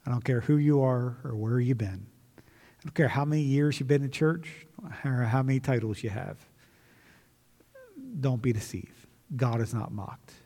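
A man's voice: medium pitch, mellow, big-room sound. A man preaching earnestly as a pastor, repeating key phrases and restarting mid-sentence. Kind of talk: sermon and closing prayer. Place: church sanctuary.

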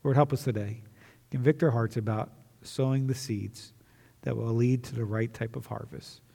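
Pastor guy preaching earnestly, middle pitch, big church echo. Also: fairly even intonation, moderate pace, gravelly, dark tone, slightly rough. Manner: earnest, repetitive preaching with restarts. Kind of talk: sermon and closing prayer. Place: church sanctuary.

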